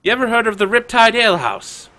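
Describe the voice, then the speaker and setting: Brash flirty pirate admiral lady, a guy doing her, high and bright. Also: very animated, fast talker, full character voice. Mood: flirtatious. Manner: brash, teasing.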